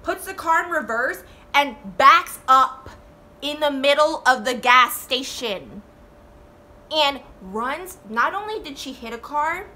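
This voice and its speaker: Bright high-voiced young woman telling a story. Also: takes it slowly, a little hiss or hum. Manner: animated, swearing, full of "like" fillers. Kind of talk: casual storytime vlog.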